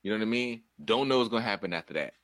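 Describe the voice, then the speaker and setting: Low-voiced man, lively rambling chat. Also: racing, no echo, studio quality. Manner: laughing, rambling, restarts mid-sentence. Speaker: podcast co-host. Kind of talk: casual chat.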